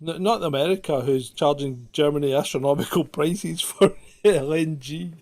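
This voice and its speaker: A man's voice: fairly high pitch, normal speed, a little mellow. Exasperated man co-hosting a live stream. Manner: exasperated, mocking, laughs often. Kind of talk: casual live-stream chat.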